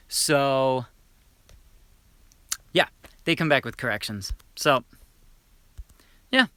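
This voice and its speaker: Young male voice actor, casual stream chatter, bright tone, dry sound. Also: medium pitch, clean tone, no room sound. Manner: chatty, laughs often, many restarts. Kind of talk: casual livestream chat.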